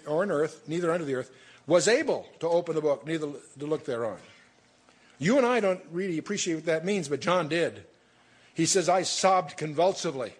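A man's voice: on the high side, breathy edge. A man teaching a verse-by-verse Bible study, reading scripture aloud and breaking off to explain it with asides and restarts.

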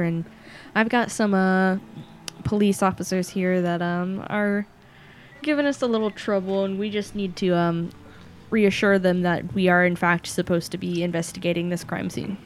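A woman's voice: medium pitch, moderate pace, slight background noise. A woman playing a tabletop horror game, speaking hesitantly with many fillers.

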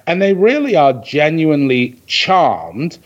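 A man's voice: on the high side, very animated, measured pace, lo-fi sound. A man from the Manchester area with a northern English accent, a podcast guest chatting in a theatrical way. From England (Manchester area). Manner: theatrical, mimics accents when quoting. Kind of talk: casual interview chat.

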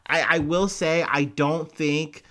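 A man's voice: fairly high pitch, steady tone, slow, a bit bright. Rambling profane male commentator. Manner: loose, profane, rambling with many fillers. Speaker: commentary host. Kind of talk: casual news commentary.

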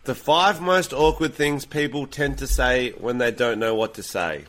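A man's voice: medium pitch, measured pace, a bit bright, slight background noise. A man with an Australian accent co-hosting a casual comedy podcast, crude and playful, laughing often. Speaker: podcast co-host.

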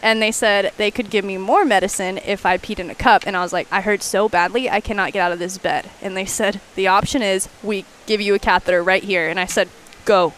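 A woman chatting as a podcast guest, telling a story in an animated way and laughing as she talks. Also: mid-range voice, brisk, slight background noise. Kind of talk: casual chat.

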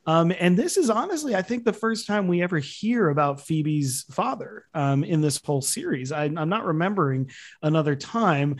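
Male podcast co-host, eager and giggly, mid-high voice. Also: animated, moderate pace. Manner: enthusiastic, laughs often, many fillers. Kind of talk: casual podcast chat.

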